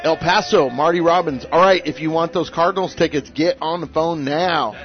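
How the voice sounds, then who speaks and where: A man hosting a local radio talk show, chatty and joking as he rambles from sports to sponsors. His voice sits somewhat high, and the broadcast audio is dull and lo-fi with faint music beneath. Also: moderate pace. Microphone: studio microphone.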